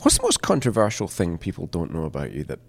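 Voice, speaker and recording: Scottish male interviewer, very low gravelly voice, lively pitch, rambling restarting questions. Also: fast talker. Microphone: handheld microphone held toward guest.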